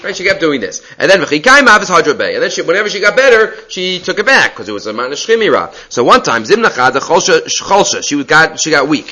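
A man teaching a text study class, reading passages aloud and explaining them in a relaxed, conversational way. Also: fairly high pitch, quick pace, hardly any pauses, poor audio. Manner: answers student questions. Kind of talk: Talmud class lecture.

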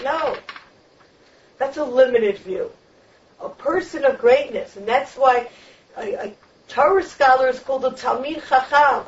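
A woman's voice: high-pitched, moderate pace. A woman teaching a Torah lecture on the weekly portion in an emphatic, repetitive preaching cadence. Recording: distant, dull lo-fi room recording.

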